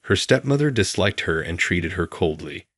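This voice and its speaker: A man calmly narrating a scripted first-person story as the channel's storyteller. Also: sits low, moderate pace, no echo, clean studio sound.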